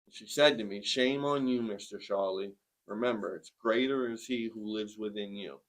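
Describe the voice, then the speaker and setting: A man in his forties giving a personal testimony in conversation, plainspoken and earnest, with many pauses. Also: lowish voice, fairly bright tone. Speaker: interviewee sharing a testimony.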